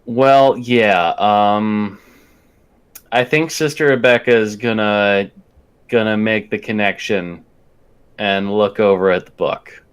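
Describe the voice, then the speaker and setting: Male player, low and smooth voice, casual hesitant chat with some swearing. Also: fairly even intonation, slow pace. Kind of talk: casual tabletop play chat.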